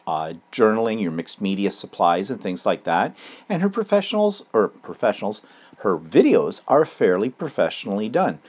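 Male vlog host, low and animated, rambling chatty delivery, slight throaty cough. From Canada. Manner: rambling, chatty, self-correcting. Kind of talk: casual vlog chat.

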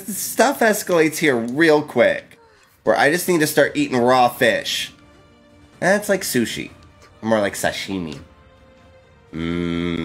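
Playful, animated male game streamer. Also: mid-range voice, husky. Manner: playful, exclaiming, laughs often, thanks chat. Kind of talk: live gameplay commentary.

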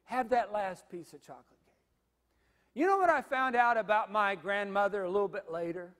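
A pastor in his fifties preaching a sermon, swinging from loud stressed phrases to hushed asides. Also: high-pitched, expressive, brisk. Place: church sanctuary. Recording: reverberant sanctuary.

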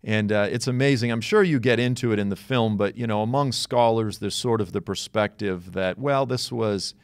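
Gravelly low-voiced man hosting an interview. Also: moderate pace, no echo, clean studio sound. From South Boston. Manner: animated storyteller, acts out quoted voices. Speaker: interview host. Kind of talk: casual conversational interview.

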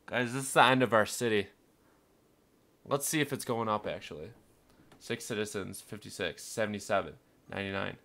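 A young man commentating his city-building game, muttering along and then bursting into panicked, cursing shouts. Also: fairly low pitch, a little fast, gravelly. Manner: swings from mumbling to panicked yelling, swears constantly. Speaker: gameplay streamer. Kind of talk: casual let's-play commentary.

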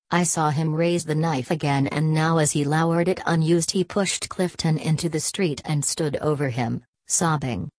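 A woman narrating a novel as an audiobook in a steady, measured storytelling manner. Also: low voice, dry recording. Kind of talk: scripted narration.

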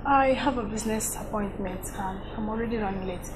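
A woman's voice: mid-range voice, fairly quick, close to an everyday voice. An actress with a Nigerian accent playing a bubbly, teasing young woman. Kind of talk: film drama acting. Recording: film audio with music score.

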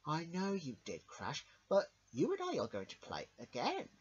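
A man's voice: on the high side, huge pitch swings, moderate pace, slightly rough. A man hosting a casual retro gaming video, easygoing and full of fillers. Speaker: channel host. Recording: dull lo-fi with game music.

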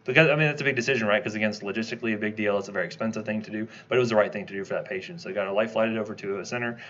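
A man giving a conversational lecture, quizzing his class with quick questions as he teaches. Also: on the low side, fairly bright tone, dull audio. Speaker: toxicology lecturer.

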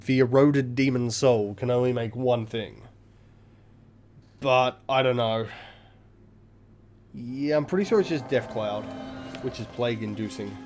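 Profane, chatty let's play man. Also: medium pitch. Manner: profane, self-mocking, chatty asides. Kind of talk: casual gameplay commentary. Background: game music.

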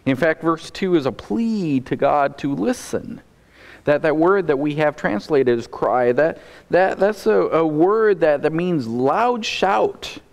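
A man's voice: fairly high pitch, lively intonation, measured pace, vocal fry, long reverb tail. A man preaching a sermon as pastor, earnest and often repeating a word as he starts a phrase.

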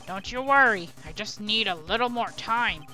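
A loyal, bumbling police detective, earnest and apologetic, calling everyone pal in a bright, forceful voice, as a woman puts him on. He reads game dialogue aloud in a video game playthrough. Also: mid-range voice, lively intonation, moderate pace, faint music behind.

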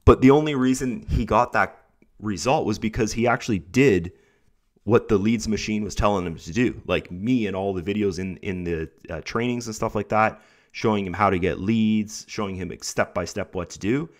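Young guy vlogging while sick, kinda low voice, rough throat, chatty hype talk w lots of "guys". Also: moderate pace. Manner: chatty and pep-talking, full of "guys" and "right?". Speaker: online income vlogger. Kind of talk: casual talk to camera over screen recording.

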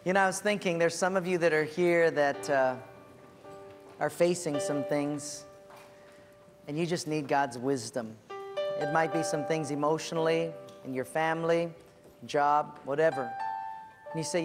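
A man's voice: fairly high pitch, steady tone, unhurried, long pauses, over music. A male pastor giving an earnest, conversational sermon in a large church hall.

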